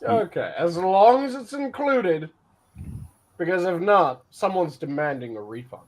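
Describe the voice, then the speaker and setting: A man with a high, lively voice that swings widely in pitch cuts into a casual podcast chat. He mostly adds short, wry remarks to the conversation. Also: unhurried. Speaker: podcast co-host.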